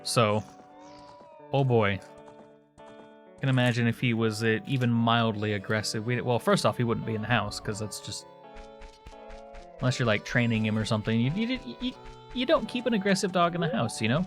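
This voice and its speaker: A man's voice: medium pitch, moderate pace, pauses often. Chatty male streamer over game music. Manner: rambling, chats with viewers while playing. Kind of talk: casual gameplay chat. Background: video game music.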